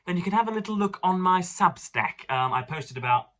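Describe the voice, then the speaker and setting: Young man, from England, book vlogger, rambling and wordy, bright tone. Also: high-pitched, expressive, brisk. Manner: wordy, digressive, fond of elaborate words. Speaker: book reviewer. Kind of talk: casual vlog monologue.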